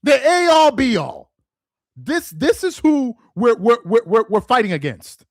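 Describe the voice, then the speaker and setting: A man hosting a sports rant show, mocking and exasperated, firing off rhetorical questions, tripping over repeated words and rising into shouts. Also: very high-pitched, big pitch swings, a little slow, no room sound, clean studio sound. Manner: stumbles and repeats words when worked up; rises into shouts. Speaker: sports commentator host.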